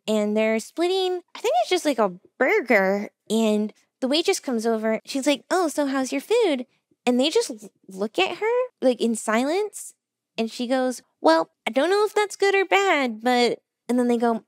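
High-voiced woman telling a story. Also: no room sound, clean studio sound. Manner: animated, acts out other people's lines. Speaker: vtuber storyteller. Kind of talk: casual storytime narration.

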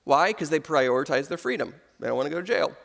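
In a large church hall, a man in his thirties preaches fast in a fairly high voice with vocal fry. As pastor, he tells lively stories and performs the quoted voices himself.

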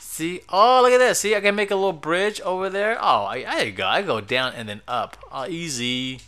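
A middle-aged man hosting a casual let's-play with his kid, excitable and slangy, laughing often. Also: a little high, normal speed, clear, resonant tone. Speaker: gaming channel host and father.

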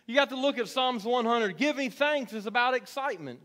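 A middle-aged male pastor preaching a sermon in church, repeating his words and building to shouts. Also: very high-pitched, a little fast. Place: church sanctuary.

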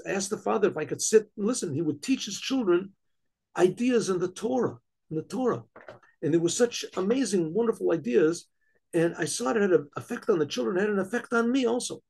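A man playing a gravelly, stern king. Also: exaggerated voice. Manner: dramatic, swells from low menace to loud orders. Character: stern commanding king, later gentle.

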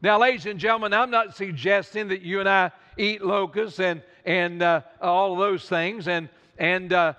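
Man, pastor, sermon, high voice, fervent, direct appeals, long church reverb, muffled recording. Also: fairly even intonation, moderate pace, few pauses, pushed and bright. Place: church sanctuary.

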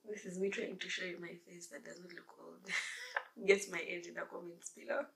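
Low, gravelly young woman telling a story. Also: moderate pace, poor audio. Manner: animated storytelling, acting out quoted dialogue; addresses viewers directly, exclamatory. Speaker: vlogger. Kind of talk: casual storytime.

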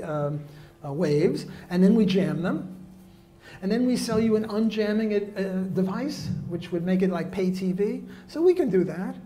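A man's voice: high voice, mellow, slight background noise. A man giving a live economics lecture, blunt and jokey, with many fillers and restarts.

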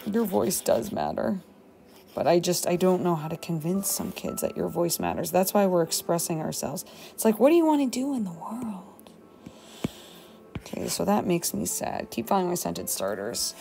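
A woman's voice: on the low side, sing-song, normal speed, gravelly, warm tone, faint music behind. A woman teacher thinking aloud as she writes a journal entry for her students, musing and talking to herself. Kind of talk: thinking aloud while writing a journal demo.

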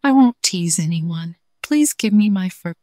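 Lady putting on a mean round white critter, teasing and rude, storybook voice, slow and dry. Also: on the low side, expressive, dark tone, no echo. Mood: pleading. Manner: mocking, teasing. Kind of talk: children's storybook reading.

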